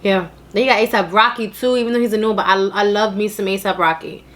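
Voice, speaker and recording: A young woman from New York with a New York accent, hosting an eating show and chatting casually, loud and expressive, laughing often. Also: medium pitch, a little fast. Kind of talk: casual chat while eating.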